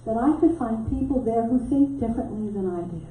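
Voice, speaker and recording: Warm-toned woman minister in an echoey hall. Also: fairly high pitch, fairly quick, slight background noise. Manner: animated storyteller who acts out quotes and laughs often. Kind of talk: storytelling sermon. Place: church sanctuary. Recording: echoey hall mic from a distance.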